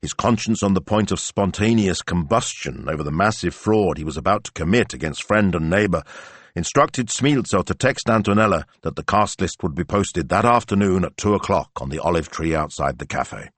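A deep-voiced man narrates a novel in a measured way, his pitch moving freely through each sentence. The recording is dry and close, with no room sound. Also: animated, no echo. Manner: measured storytelling. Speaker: audiobook narrator. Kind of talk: scripted narration.

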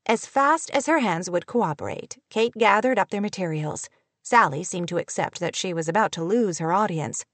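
A woman narrating a novel audiobook in a measured, even storytelling manner, recorded on a close studio mic. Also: mid-range voice, dry recording. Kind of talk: scripted narration.

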